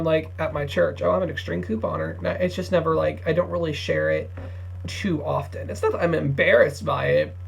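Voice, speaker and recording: His voice sits high, a bit bright and creaky: a late-teen Ohio guy chatting on his couponing vlog. Sleepy and yawning, he rambles loosely, with frequent fillers and restarts.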